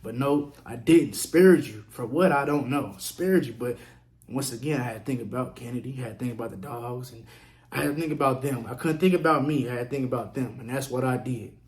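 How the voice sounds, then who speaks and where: A man casually telling a story on his vlog, profane and animated, acting out what others said. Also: mid-range voice, brisk. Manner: profane, animated, acts out quotes. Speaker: vlogger.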